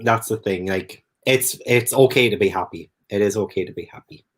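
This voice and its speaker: A man's voice: fairly low pitch, fairly quick. A man hosting a book chat stream, gushing effusively and laughing a lot. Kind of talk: casual chat.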